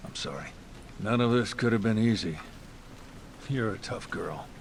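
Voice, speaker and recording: An actor playing a gruff, protective older male soldier in video game cutscene dialogue, speaking in a low, sober, apologetic way. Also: normal speed, background noise. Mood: somber.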